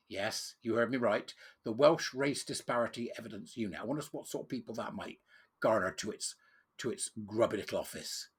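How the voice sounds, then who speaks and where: A British man with a husky, medium-pitched voice reads out a policy report, then breaks off into sarcastic, scornful commentary. He's a political commentator mixing news reading with ranting.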